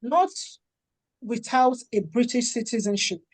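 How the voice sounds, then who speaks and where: Animated Nigerian-raised woman telling stories. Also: fairly high pitch, measured pace, no room sound. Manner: animated storytelling, acts out quoted dialogue. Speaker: guest, charity founder and author. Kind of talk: conversational interview.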